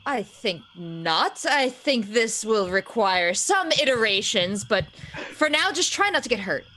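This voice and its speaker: Lady doing a stern young wizard woman, bossy, lively up and down. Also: a little high, a little slow, slight background noise, full character voice. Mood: commanding.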